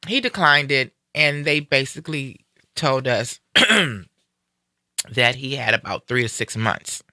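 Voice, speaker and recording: A man in a casual live-stream conversation, retelling a personal story in an animated way and acting out what people said. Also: medium pitch, a little slow, no room sound, clean studio sound. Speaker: guest sharing a personal story.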